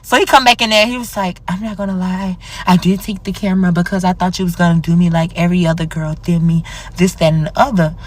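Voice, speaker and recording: Young woman, casual storytime, animated, jumps into high squeals for quotes. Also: fast talker. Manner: animated, acts out quoted dialogue with big pitch jumps.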